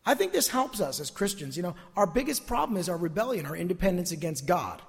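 A man's voice: high voice, lively intonation, fast, gravelly, breathy edge, big-room sound. A man preaching a sermon as pastor, his voice tired, repeating key phrases with emphasis.

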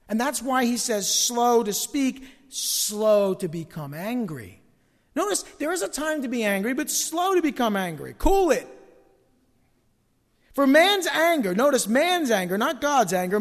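A male pastor with a very high voice preaches in a lively, animated way, acting out quoted arguments and dropping to hushed asides. His sermon rings with the long reverb of a large hall. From Northeast US, Italian-American home.

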